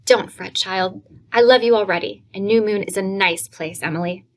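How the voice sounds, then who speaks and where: A woman reading aloud and voicing a tender-hearted aunt who speaks softly and comfortingly. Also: mid-range voice, normal speed, natural voice. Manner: soft, hushed, comforting.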